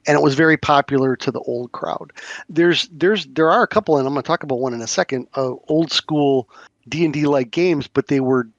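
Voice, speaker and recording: A man's voice: a little high, fairly quick, dry recording, highs cut off. Rambling man in casual podcast chat. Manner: rambling, with many restarts and fillers. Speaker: podcast host. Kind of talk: casual chat about tabletop games.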